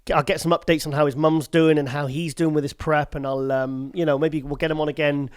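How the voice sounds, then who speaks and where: A man chats loosely on a podcast, with a voice a touch higher than most men. He rambles, restarts his sentences and fills the gaps. The sound is close and dry, with almost no room. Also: flat delivery, fairly quick, clear, resonant tone, no echo. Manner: chatty, rambling with restarts and fillers. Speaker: podcast host. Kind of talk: casual chat.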